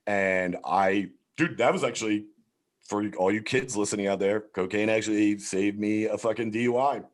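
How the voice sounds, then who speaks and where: A man's voice: lowish voice, normal speed. A man, a comedian guest, telling a story in casual chat, profane and rambling. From Philadelphia area.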